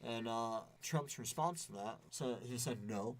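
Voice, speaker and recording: A man's voice: medium pitch, unhurried. A man chatting casually on a podcast, rambling with many restarts and fillers. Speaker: podcast co-host. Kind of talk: casual chat. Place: indoor podcast recording.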